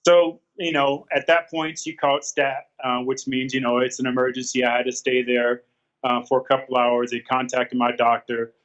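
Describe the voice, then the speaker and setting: An earnest man in his fifties talks at an easy middle pitch, rambling through his story with plenty of fillers and halting restarts. The sound is dull and lo-fi, with the top end rolled off. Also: little pitch movement, fairly bright tone. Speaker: guest, former pro bodybuilder. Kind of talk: casual interview storytelling.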